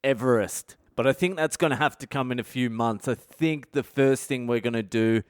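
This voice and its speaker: A man talks straight into the mic in a loose, swearing comic monologue, with bits of other people's voices thrown in. His voice is smooth and resonant, and the sound is dry and close, with no room around it. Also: medium pitch, moderate pace, hardly any pauses, no echo. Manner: profane, storytelling, acts out voices. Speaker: comedian podcast host. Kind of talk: daily comedy podcast monologue. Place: a home in India.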